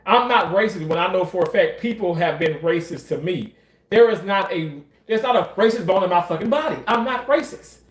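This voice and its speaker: A man's voice: sits high, expressive, a little fast, roomy sound. A man telling a story in a casual, emphatic way, swearing often and repeating phrases for effect. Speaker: commentator.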